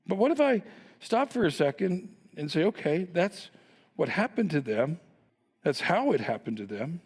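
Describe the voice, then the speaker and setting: Male pastor mid-sermon, high and animated, teasing rhetorical questions, long reverb of a large hall. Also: normal speed, slightly rough.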